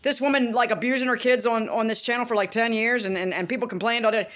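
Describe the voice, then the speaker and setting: A woman's voice: on the high side, fast talker. A middle-aged woman from the United States ranting casually to camera, swearing freely. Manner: animated, swearing, talks to her dogs in between. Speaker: vlogger.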